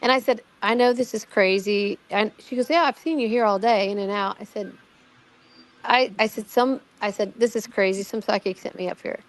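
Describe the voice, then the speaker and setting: A woman's voice: medium pitch, moderate pace. A middle-aged woman in a casual conversation, telling her own story in a rambling way, repeating words, restarting sentences and quoting what others said. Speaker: guest recounting her own amateur investigation.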